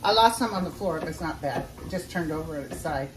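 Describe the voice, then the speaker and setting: A woman's voice: sits low, lively intonation, fast, very noisy. A woman talking through a recipe in a casual cooking vlog, chatty and folksy and speaking straight to her viewers from her home kitchen. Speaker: home cook showing a recipe. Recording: roomy sound from a distance.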